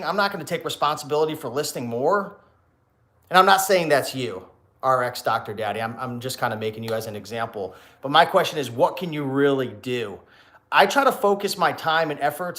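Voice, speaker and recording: A man's voice: medium pitch, a bit bright. A man hosting a casual livestream, talking to viewers in a preachy way, firing rhetorical questions and restarting his words. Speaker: reseller YouTuber hosting a livestream.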